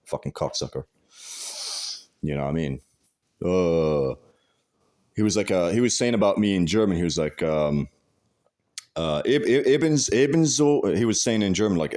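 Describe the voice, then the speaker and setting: A man's voice: deep voice, lively intonation, moderate pace, a little mellow. A man in a casual rant, profane and agitated, swearing heavily and restarting his sentences. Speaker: vlogger.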